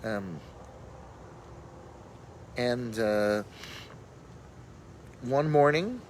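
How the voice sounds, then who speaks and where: A man's voice: medium pitch, lively intonation, extremely slow, a little hiss or hum, poor audio. A man, a rabbi, teaching a casual Torah class and telling stories sprinkled with Hebrew and Yiddish terms, thinking aloud as he goes. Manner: thinks aloud with fillers and restarts.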